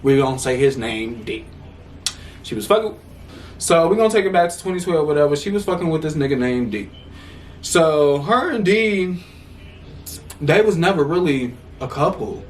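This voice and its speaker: A man's voice: fairly high pitch, expressive, normal speed, pauses often, distant mic, slight background noise. A man in his twenties telling a casual storytime vlog from a room at home, blunt, profane and heated as he talks. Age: 20s. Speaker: vlogger.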